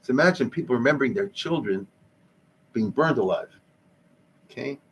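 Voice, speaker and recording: A man's voice: medium pitch, animated, normal speed, breathy edge. Man, rabbi, informal history lecture in a synagogue hall, conversational, Hebrew and Yiddish terms.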